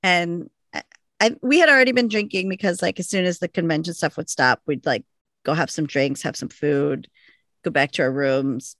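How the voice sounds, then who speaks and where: A woman's voice: lowish voice, moderate pace, a bit bright, dry recording, studio quality. A young woman co-hosting a podcast, telling a funny story in casual chat with lots of fillers and laughter. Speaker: podcast co-host.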